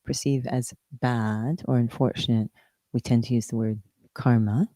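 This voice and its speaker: A meditation teacher explaining spiritual ideas in a reflective conversation, stressing key words and letting phrases fall softly at their ends. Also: medium pitch, steady tone, normal speed, dry recording.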